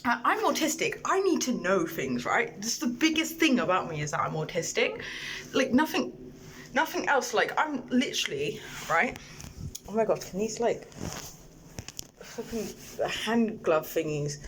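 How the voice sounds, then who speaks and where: This ranting personal monologue comes from a young woman vlogger recording on her phone, first outside and then in a dark public bathroom. Her storytelling is emotional, animated, and rambling, with many restarts, and her voice is fairly high at a moderate pace. Loud background noise makes the audio poor.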